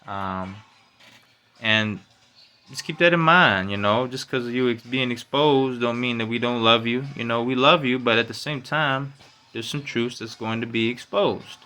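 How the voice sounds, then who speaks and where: This man hosts a casual solo podcast at a normal speed, his slangy, profane talk packed with "you know" and "man." When he gets worked up, his voice turns loud and high.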